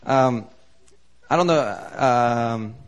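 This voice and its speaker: A man preaching a sermon as pastor, telling a lively, joking story to the congregation. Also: mid-range voice, very slow. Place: church service.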